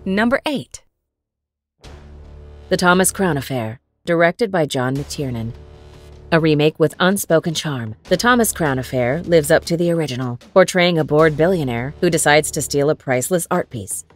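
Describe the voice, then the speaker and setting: Woman reading a movie countdown, kinda low voice, calm and even, light music under it. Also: moderate pace. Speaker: narrator. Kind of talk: scripted narration. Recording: soft music behind.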